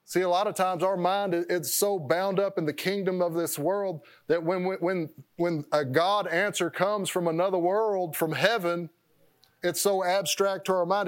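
A man preaching a sermon as pastor, rambling and repeating words, often stopping to laugh at himself. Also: high voice.

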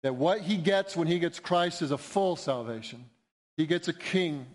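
A man's voice: fairly high pitch, lively intonation, normal speed. A man preaching a sermon in an earnest, emphatic way, building to rising appeals. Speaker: pastor.

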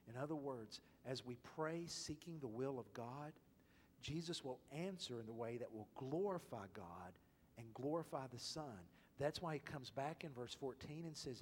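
A male pastor preaching a sermon, swinging from loud, emphatic exhortation to hushed whispers. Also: medium pitch, lively intonation, moderate pace, slight background noise. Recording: long reverb of a large hall.

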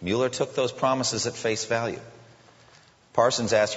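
A male pastor preaching a sermon emphatically, slowing down to stress his points, in a large church. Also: mid-range voice, fairly even intonation. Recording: dull sound with long hall reverb.

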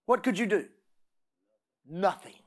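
A man's voice: high voice, animated, measured pace. A middle-aged man preaching a sermon, often repeating words and asking the congregation "Amen?".

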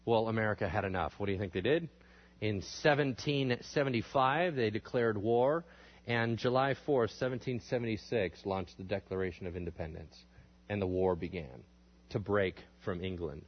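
A man teaching a history class in a lively lecture style, asking the class questions and acting out quotes in exaggerated voices. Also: on the low side, normal speed, dull audio.

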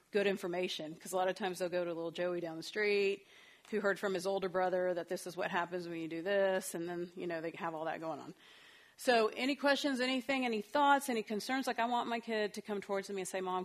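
A middle-aged woman leading a parenting workshop for a group, talking casually and animatedly with frequent laughter. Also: mid-range voice. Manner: conversational, animated, laughs often.

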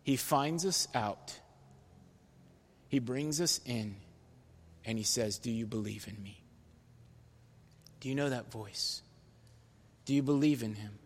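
A man's voice: takes it slowly, long pauses. Earnest man preaching in a reverberant hall. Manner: earnest, swings between loud emphasis and soft low-voiced appeals. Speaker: pastor. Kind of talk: sermon. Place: church sanctuary. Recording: long reverb of a church hall.

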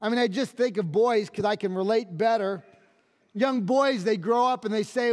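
A male pastor preaching a sermon with emphatic delivery, dropping low and quiet on key phrases. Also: moderate pace, in a large hall.

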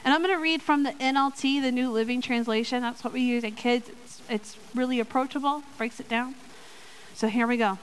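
A woman giving a sermon and reading a Bible story aloud, lively and playful with joking asides. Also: on the high side, fairly quick, smooth, rough recording. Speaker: church speaker in children's ministry.

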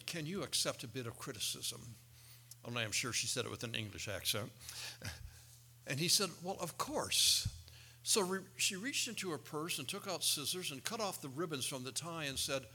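Male pastor, sermon delivery, very bright tone, slightly higher pitch, animated storyteller who acts out quotes.

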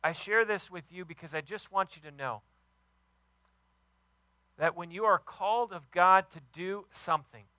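An enthusiastic man in his thirties delivers a sermon, leaning hard on key words and acting out quotes. His voice sits high and sounds very bright and forward. The recording is dry, with almost no room sound. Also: no echo, low-quality recording. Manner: enthusiastic, emphatic preaching with acted quotes. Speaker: pastor.

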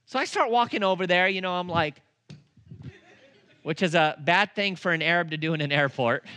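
A middle-aged man preaching a storytelling sermon. He acts out dialogue and slows down to lean on key words. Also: sits high. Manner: animated, acts out dialogue in his stories; slows down and leans on words for emphasis.

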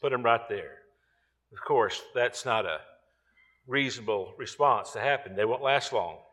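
A male pastor preaching a sermon slowly and emphatically, repeating key words. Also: medium pitch, expressive, fairly bright tone. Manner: slow, emphatic preaching with repetitions. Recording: long hall reverb.

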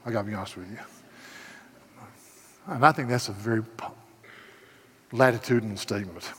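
Older preacher with a hall echo. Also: male voice, on the low side, normal speed, a little hiss or hum. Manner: stammering restarts, builds from soft storytelling to loud preaching. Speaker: pastor. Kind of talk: sermon.

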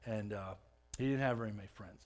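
A man giving a personal testimony in a conversational way, often restarting his words and growing louder as the story builds. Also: lowish voice, quick pace. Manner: conversational, repeats and restarts words, swells louder when excited.

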